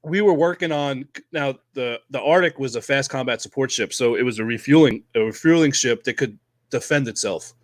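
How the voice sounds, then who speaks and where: A man co-hosting a casual podcast, telling Navy stories in a profane, animated way and acting out shouted quotes. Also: mid-range voice, fairly quick, dry recording. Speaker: podcast co-host, Navy veteran. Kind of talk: casual storytelling chat.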